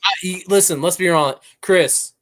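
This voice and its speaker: A man's voice: high-pitched, moderate pace, a bit bright. A man co-hosting a casual podcast, teasing and joking in playful patter about beers and Navy life. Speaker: podcast co-host; Navy veteran.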